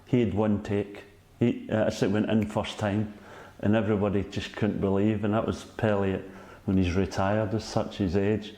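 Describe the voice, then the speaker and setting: A man's voice: fairly low pitch, level tone, normal speed, warm tone, roomy sound. A Scottish man in his sixties, a former footballer, telling rambling stories as a guest and often asking "you know what I mean?". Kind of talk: casual anecdote telling.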